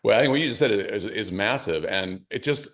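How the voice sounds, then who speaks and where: A middle-aged man, an author and caregiver, talking things through in a halting, reflective way during an interview. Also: lowish voice, expressive, fairly bright tone. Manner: reflective, halting, many restarts. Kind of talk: conversational interview.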